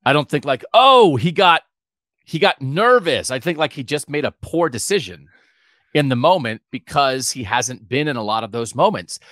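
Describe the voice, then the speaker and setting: A man's voice: mid-range voice, normal speed, a bit bright, no room sound, clean studio sound. A man co-hosting a sports podcast, chatting animatedly and thinking aloud. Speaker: podcast co-host. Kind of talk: casual sports talk podcast.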